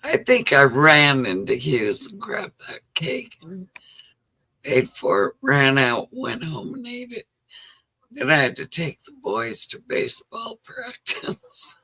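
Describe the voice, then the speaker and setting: With a deep, sing-song voice that sounds pushed, bright and slightly rough, a middle-aged woman hosts a livestream at a slow pace. She's a chatty storyteller who laughs often, and the audio quality is poor.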